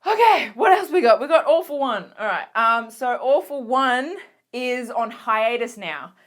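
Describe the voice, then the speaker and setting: A young Australian woman recapping her favorite shows in a casual, gushing vlog, giggly and excitable, full of fillers. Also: fairly high pitch, unhurried. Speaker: vlogger.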